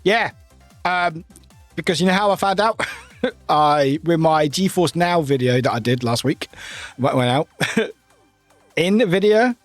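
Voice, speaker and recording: A man's voice: a little high, measured pace, pauses often, faint music behind. A British man chatting casually with his livestream viewers, rambling and often laughing at himself. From United Kingdom.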